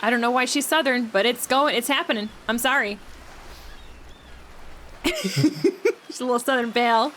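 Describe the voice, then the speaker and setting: A woman's voice: high voice, expressive, unhurried, long pauses, pushed and bright, soft background music. A young woman streamer reading a game's text aloud with playful, giggly asides. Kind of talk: game playthrough, reading text aloud with commentary.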